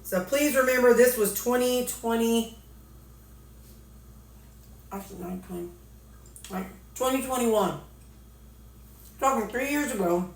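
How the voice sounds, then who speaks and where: A woman's voice: a little high, unhurried, pauses often, roomy sound. A woman with a Missouri accent, chatting and joking casually while eating, talking with her mouth full. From Missouri, USA. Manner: folksy, joking, talks with a mouthful. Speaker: weight-loss vlogger.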